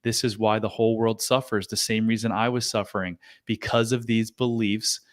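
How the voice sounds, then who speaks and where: A man's voice: on the low side, level tone, normal speed. Earnest man hosting a podcast. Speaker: podcast host. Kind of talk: casual podcast conversation.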